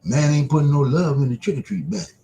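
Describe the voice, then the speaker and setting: A man hosting his own broadcast, preaching casually in a repetitive, drawn-out way. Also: a little high, dark tone, a little hiss or hum, rough recording. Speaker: broadcast host.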